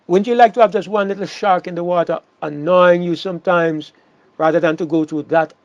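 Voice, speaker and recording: A man's voice: on the high side, no room sound, highs cut off. A man preaching a sermon, emphatic, often repeating words and restarting phrases.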